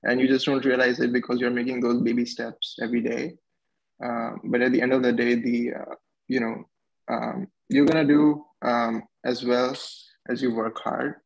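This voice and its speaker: A man speaks as a physician guest on a panel, hesitating often with ums. His delivery is flat and gravelly, and the recording sounds dull and lo-fi. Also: medium pitch, moderate pace. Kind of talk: panel discussion answer. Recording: dull lo-fi audio.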